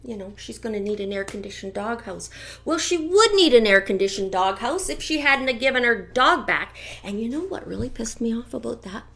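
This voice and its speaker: A middle-aged woman giving a chatty, gossipy tarot reading with animated asides. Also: a little high, fairly quick, gravelly. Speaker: tarot reader. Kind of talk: casual tarot reading commentary.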